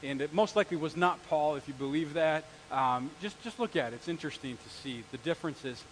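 A man with a high voice preaches in a church in a loose, conversational style. He tells stories with asides and talks straight to the people in front of him. He sounds like a pastor in his forties. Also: a little fast, a little hiss or hum, low-quality recording. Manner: conversational, animated storytelling with asides. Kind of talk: sermon. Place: church sanctuary.

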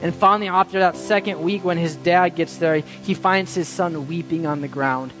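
A man preaching a sermon as pastor, impassioned, swinging between loud pleading and hushed quiet lines. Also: fairly high pitch, steady tone, normal speed, soft background music.

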